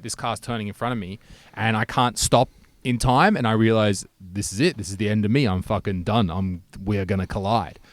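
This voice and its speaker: Animated man telling a story. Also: mid-range voice, no room sound. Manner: animated storyteller, swears freely, acts out quotes. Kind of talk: casual chat.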